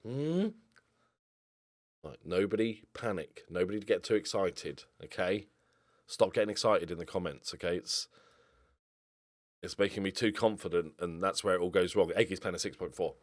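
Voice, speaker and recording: A young man giving casual gameplay commentary, excitable, swinging from mumbled asides to loud outbursts. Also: deep voice, moderate pace, long pauses, no room sound, clean studio sound. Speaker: gaming YouTuber.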